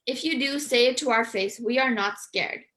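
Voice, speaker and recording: A woman's voice: on the high side, moderate pace, bright, forceful tone. A woman reading aloud as a pair of school bullies who taunt defiantly.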